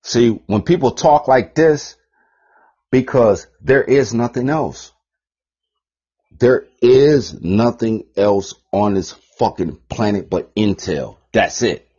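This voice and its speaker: Profane ranting man, husky lo-fi voice. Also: medium pitch, takes it slowly. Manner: profane, rambling, repeats phrases, swings between loud and muttered. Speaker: podcast host. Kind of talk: ranting monologue. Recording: dull lo-fi podcast recording.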